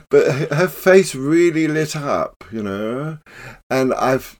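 An older man, a professional clown telling stories in a relaxed interview. He laughs often and acts out the voices in his tales. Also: fairly high pitch, slow pace. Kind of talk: casual storytelling interview.

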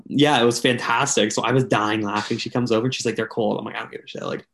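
A man's voice: mid-range voice, fairly even intonation, fast, fairly bright tone, a little hiss or hum. A young man from Canada, a podcast co-host, telling a long, rambling story to friends with lots of fillers. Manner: rambling, filler-heavy, chatty. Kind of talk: casual storytelling among friends.

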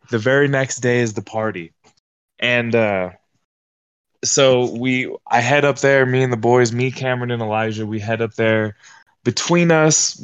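A man's voice: mid-range voice, clear, resonant tone, no echo, dull audio. Young male podcast guest, casual slangy storyteller, dry sound.

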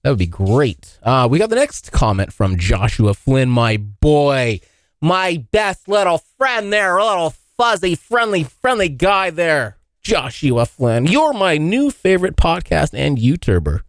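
A man hosting a casual solo podcast, joking and swearing, now and then yelping into high silly voices. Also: a little slow, no echo, studio quality. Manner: animated, swearing, jokey, yelps into high voices. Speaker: podcast host. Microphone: hot close mic.

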